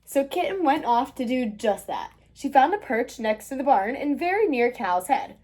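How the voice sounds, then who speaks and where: A woman from the United States reading a children's picture book aloud, expressive and sing-song. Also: sits high, normal speed. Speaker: children's book reader, channel host. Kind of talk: read-aloud storytelling.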